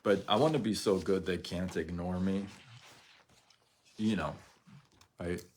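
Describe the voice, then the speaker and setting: A middle-aged man with a deep, low voice talks straight to his viewers on a casual livestream. He speaks candidly and rambles, restarting his sentences and chuckling between thoughts. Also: steady tone, measured pace, a little mellow, slight background noise. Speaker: live-stream host.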